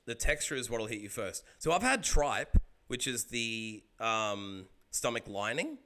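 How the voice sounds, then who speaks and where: An Australian man streaming a game, chatting casually with viewers in an excitable, rambling way and swearing freely. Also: mid-range voice, unhurried. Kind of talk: casual chat while gaming.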